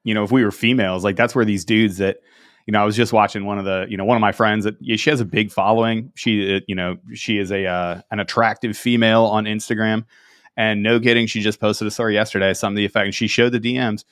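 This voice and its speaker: Sarcastic low-voiced man on a podcast. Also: fast talker, no echo, studio quality. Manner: animated, sarcastic, acts out quoted people. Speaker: podcast co-host. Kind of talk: casual podcast chat.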